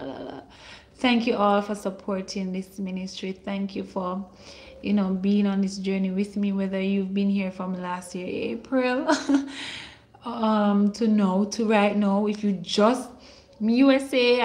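Woman livestream preacher, talks slow, blesses viewers by name, declares miracles coming. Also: medium pitch. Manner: slow and warm, calling out viewers' names and blessing them. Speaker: online minister hosting a livestream. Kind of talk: livestream greetings and prayer.

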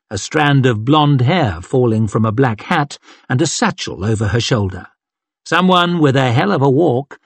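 A man narrating a fantasy audiobook in a measured, dramatic storytelling manner. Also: mid-range voice, gravelly, dry recording. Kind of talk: scripted narration.

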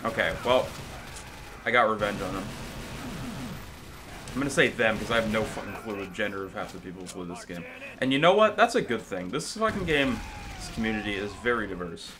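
A young man giving live gameplay commentary, excitable and profane, with sudden bursts of yelling. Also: fairly low pitch, brisk, pauses often, noisy background. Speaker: gaming commentator.

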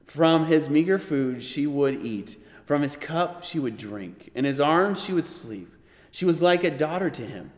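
A man leading a Bible study, teaching with animated delivery and often checking in with "right?". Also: a little high, a little slow, long reverb tail. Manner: animated, acts out quoted voices, frequent "right?".

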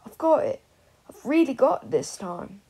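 An excitable teenage schoolboy who keeps pushing his schemes, read by a woman. The voice is husky with a gravelly edge and leaps wildly in pitch. Heard in an audiobook reading. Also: moderate pace, full character voice. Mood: eager. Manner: excited, insistent.

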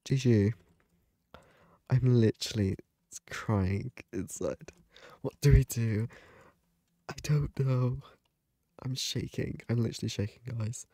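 A man's voice: medium pitch, slow pace, pauses often, dark tone, no room sound, studio quality. A man giving live gaming commentary, dramatic and panicky, often exclaiming and laughing. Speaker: gaming video creator.

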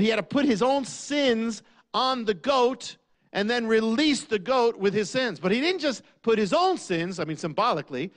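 A man preaching a sermon, asking rhetorical questions and dropping low on key lines.

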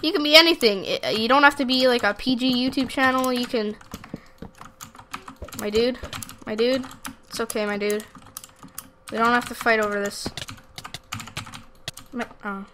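A woman doing rambling, excitable gameplay commentary, chatting to viewers and heckling opponents. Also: on the high side, normal speed, long pauses, slight background noise. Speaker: gaming YouTuber.

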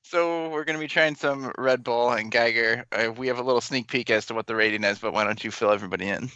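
Teasing bright-voiced podcast man. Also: medium pitch, clear, resonant tone, no room sound, highs cut off. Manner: teasing, quick questions. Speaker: podcast co-host. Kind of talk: casual chat.

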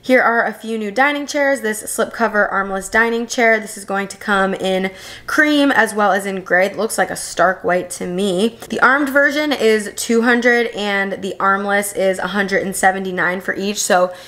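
A woman's voice: mid-range voice, normal speed, fairly bright tone. A young woman vlogger gushing over home decor pieces in a voice-over review, enthusiastic and chatty. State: new mother.

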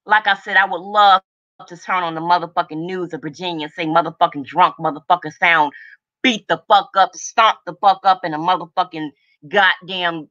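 A middle-aged woman hosting a livestream goes on an angry, profane rant, furious and overheated, repeating lines for emphasis. Her voice is lowish, steady, bright and forceful at a moderate pace. The audio is dull.

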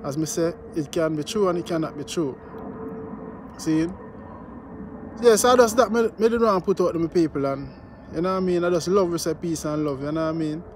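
A man's voice: fairly high pitch, fairly quick, slight background noise. A man with a Jamaican accent giving casual commentary on his vlog, repeating himself and often asking "you know what I mean". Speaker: news vlogger.

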